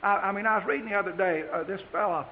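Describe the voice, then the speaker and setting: A man preaching a sermon, reading scripture slowly with emphasis and then talking plainly to his congregation. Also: high-pitched, a little hiss or hum. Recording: dull, echoey hall.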